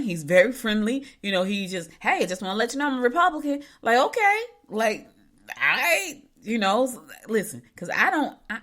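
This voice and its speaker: A woman's voice: mid-range voice, a bit bright. A middle-aged woman hosting a local show, telling stories in a rambling, chatty way. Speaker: local radio show host. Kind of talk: casual chat.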